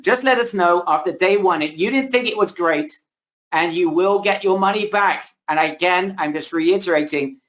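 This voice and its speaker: A man hosting a live webinar, pitching energetically and repeating himself, losing his voice a little. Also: fairly bright tone, low-quality recording. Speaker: webinar host. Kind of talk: hyped live sales pitch. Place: home, indoors.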